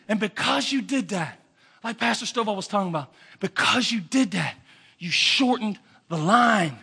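A pastor giving a sermon, preaching with emphatic repetition and swinging between loud and hushed delivery. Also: male voice, high-pitched, lively intonation, moderate pace, vocal fry, slightly rough.

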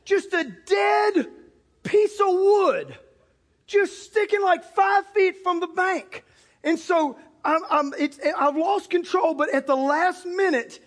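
Man, unusually high pitched voice, pastor, animated storytelling sermon, bursts into shouts. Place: church or auditorium with a live congregation.

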